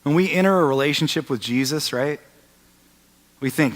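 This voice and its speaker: A man in his thirties preaching a sermon as a pastor, telling the story and swinging from loud to hushed. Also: on the high side, normal speed. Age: 30s. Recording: long reverb of a large hall.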